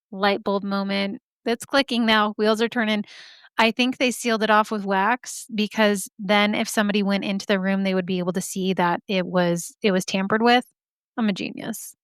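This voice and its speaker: A woman's voice: medium pitch, fairly bright tone, clear, resonant tone, no room sound, studio quality. A woman hosting a podcast, telling a story casually with joking asides and lots of "like". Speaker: podcast host.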